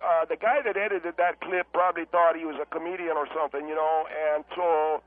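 Man on the phone, blunt and rambling, somewhat high voice, tinny narrow line. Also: fairly even intonation, a little fast. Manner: blunt, rambling, many fillers. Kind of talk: casual talk radio chat. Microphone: telephone.

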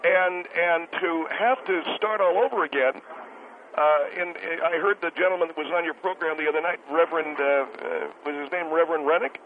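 A man puts on a bitter restaurant owner calling in to a comedy radio show, stumbling over his words and circling back with indignant repeats. His voice sits fairly high and comes through a tinny, hissy phone line. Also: fairly even intonation, normal speed, lightly acted. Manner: indignant, stammering, repeats himself. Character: bitter, stammering male restaurant owner caller. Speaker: caller. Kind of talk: comedic radio call-in bit.

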